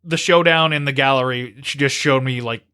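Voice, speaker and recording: A man hosting a podcast in casual chat, animated and firing off rhetorical questions. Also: mid-range voice, brisk, clean tone. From United States. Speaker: podcast host.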